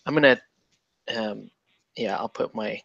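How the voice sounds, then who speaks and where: A man's voice: on the low side, measured pace, creaky, lo-fi sound, noisy background. A man hosting a casual painting stream, rambling and joking over a headset mic with many restarts. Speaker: host of a miniature painting stream. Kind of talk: casual chat.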